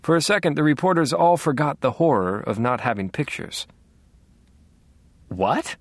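A man's voice: fairly high pitch, animated, fairly quick, no echo. Dry, wry male audiobook narrator. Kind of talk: first-person audiobook narration.

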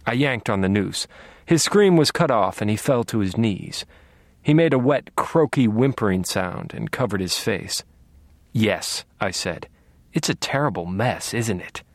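A man narrating a first-person audiobook in a quiet, measured, menacing way. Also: lowish voice, animated, no room sound.

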